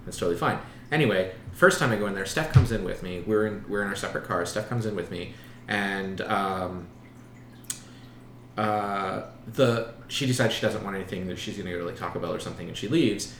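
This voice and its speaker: Guy telling a story in casual chat, laughs a lot, lowish voice, echoey room. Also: brisk. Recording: roomy echo, faint background noise.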